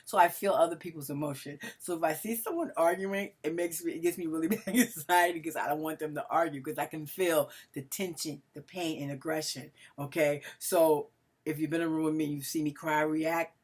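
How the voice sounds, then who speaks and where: A woman's voice: low-pitched, steady tone, moderate pace, a little mellow, slightly rough. A woman vlogging to her followers in a casual, emotional monologue, calling herself melodramatic and talking to viewers as family. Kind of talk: casual direct-to-camera monologue.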